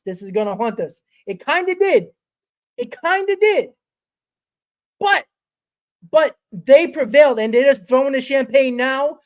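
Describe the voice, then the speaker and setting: A man hosting a sports fan show from his small home studio, ranting fast and excitedly, swearing and repeating himself. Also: extremely high pitch. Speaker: host. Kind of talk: excited postgame fan rant.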